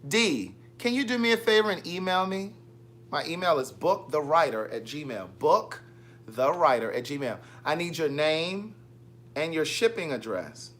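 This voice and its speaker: A man's voice: fairly high pitch, lively intonation, a little slow, a bit bright. A man hosting a casual livestream, chatting and teasing as he reads viewer comments. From Maryland. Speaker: livestream host. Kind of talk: casual live chat.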